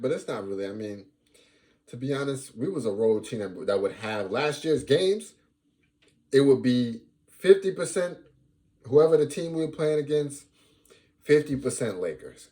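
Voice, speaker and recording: A young man hosting a casual sports fan vlog, talking playfully and repeating lines for emphasis. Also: on the low side. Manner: animated, playful trash talk.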